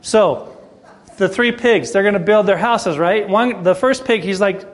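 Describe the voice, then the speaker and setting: A man's voice: high-pitched, unhurried. A man preaching a sermon in a folksy, conversational way, telling a story to the congregation. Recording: echoey hall.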